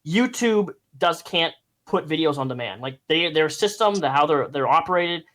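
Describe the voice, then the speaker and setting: A man hosts a casual live stream, his voice sitting a little high. He talks in hesitant bursts, restarting sentences and chuckling between thoughts. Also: animated, moderate pace, fairly bright tone.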